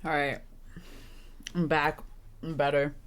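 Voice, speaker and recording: A woman's voice: deep voice, level tone, slow, a little hiss or hum. A young woman streaming a visual novel, reading lines and reacting with sarcastic, exasperated, sweary commentary. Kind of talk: casual let's-play commentary.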